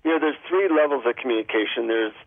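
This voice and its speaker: A man with a gravelly voice explains his points calmly, often stopping to give an example. He is heard over a tinny, dry phone line. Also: medium pitch, fast, no room sound. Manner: calm, explanatory, gives spoken examples. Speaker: guest, relationship author.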